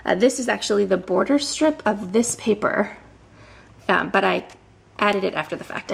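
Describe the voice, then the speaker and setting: A woman's voice: mid-range voice, moderate pace, creaky, slightly rough. A woman in her thirties, a bit out of breath, casually walking through her scrapbook pages with lots of ums and the odd whispered aside. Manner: chatty, with frequent ums and some whispered asides. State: slightly out of breath. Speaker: scrapbooking vlogger. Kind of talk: casual show-and-tell narration.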